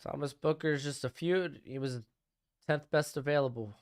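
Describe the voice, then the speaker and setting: A young man hosts a live stream, chatting casually about draft picks and responding to his chat. His voice sits a little high, with a clean tone and a moderate pace. He's talkative, fields chat questions, and tosses out offhand opinions.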